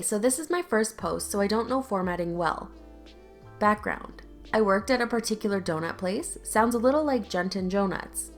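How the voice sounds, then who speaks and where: A woman narrating online stories aloud in a conversational, lightly sarcastic reading style, with casual asides. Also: mid-range voice. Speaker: YouTube story narrator.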